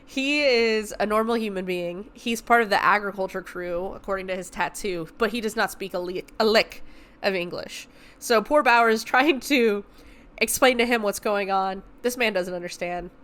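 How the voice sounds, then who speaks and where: A young woman hosting a podcast, recapping a movie in a casual, animated, profanity-laced way full of fillers. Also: medium pitch, normal speed. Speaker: podcast host.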